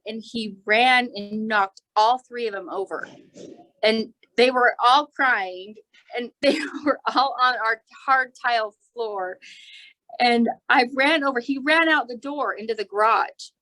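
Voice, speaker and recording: A woman's voice: a little high, takes it slowly, sharp tone, low-quality recording. A woman chatting as she tells a story about a family friend, amused and full of fillers. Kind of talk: casual storytelling.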